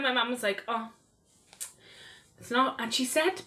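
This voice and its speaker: A woman, co-hosting a casual podcast. Her voice sits a little high and sounds bright and crisp. She tells stories animatedly and acts out what others said. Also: a little slow. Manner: animated storytelling with voiced quotes. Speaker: podcast co-host. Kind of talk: casual chat.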